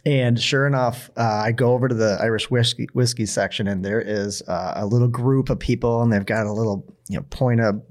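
Man, mid-pitched voice, podcast host, lively storyteller, casual chat. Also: brisk, few pauses. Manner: animated storyteller, acts out quotes.

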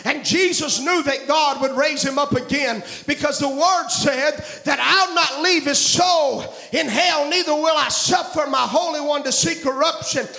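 A man preaches a fervent revival sermon in a very high, gravelly voice, often breaking into shouted, chanted sing-song. His tone is bright and sharp, and the sound rings around a roomy church. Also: a little slow, few pauses, faint music behind. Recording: roomy echo.

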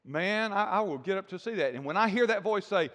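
Older man, pastor, high voice, emphatic then hushed, sermon, long reverb. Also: animated, fairly quick. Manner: emphatic preaching, swings from loud declarations to hushed intimate asides.

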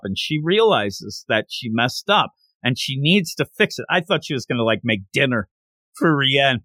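A man casually recapping a manga story, animated and acting out the characters' lines as he goes. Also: medium pitch, moderate pace, no echo, clean studio sound.

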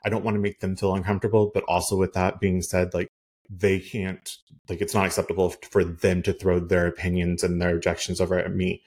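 A man's voice: deep voice, little pitch movement, brisk, a little mellow, breathy edge. A man who works as a realtor, telling a story on a podcast in a rambling, heated way with many "like" and "um" fillers. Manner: heated, indignant.

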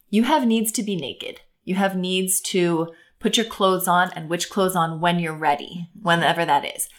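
A woman's voice: on the low side, fairly even intonation, moderate pace, hardly any pauses. A woman co-hosting a casual parenting talk, earnest and thinking aloud with fillers. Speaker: podcast co-host.

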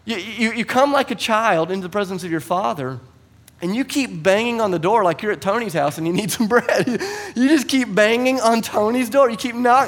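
A man in his thirties preaching a sermon, telling stories and acting out voices in a conversational, animated way. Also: high-pitched, fairly quick. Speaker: pastor. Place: church.

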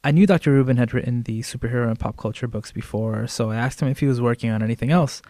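A man hosting a podcast, introducing his guest eagerly, with filler pauses. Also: mid-range voice, mellow, dry recording, clean studio sound. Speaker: podcast host. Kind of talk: podcast narration and interview.

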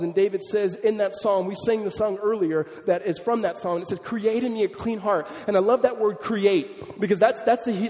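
A man preaching in a church hall, his fairly high voice carrying a long reverb. He tells the story like a storyteller, voicing the people in it. He falls quiet for the hushed lines and presses the key points hard. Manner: storytelling preacher acting out quoted voices, swinging from hushed to emphatic. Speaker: pastor. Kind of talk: sermon.

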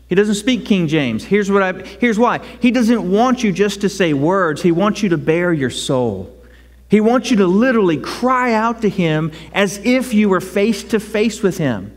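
A man preaching a sermon as pastor, conversational and animated, rising to loud cries. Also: sits high. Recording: long hall reverb.

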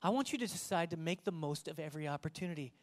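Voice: mid-range voice, expressive, rapid-fire. Dynamic pastor preaching to a congregation. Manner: dynamic preaching, swings between loud emphasis and hushed tones; engages the congregation with direct questions. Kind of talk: sermon. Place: church before a live congregation.

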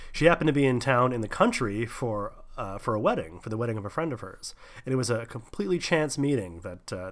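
A man hosting a radio show, telling a story in a rambling, laid-back way. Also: mid-range voice. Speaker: radio host. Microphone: studio radio mic.

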